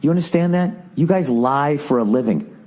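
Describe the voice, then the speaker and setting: A man's voice: fairly high pitch, animated, normal speed, mellow. Profane, exasperated man ranting. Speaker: podcast host. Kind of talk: ranting comedic monologue.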